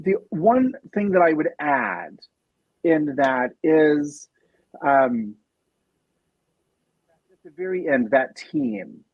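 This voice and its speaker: A man's voice: fairly high pitch, lively intonation, extremely slow, long pauses, no room sound. A man speaking as a podcast guest in casual conversation, thoughtful, with many fillers and restarts, on a dull lo-fi recording. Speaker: podcast guest, nonprofit operations director.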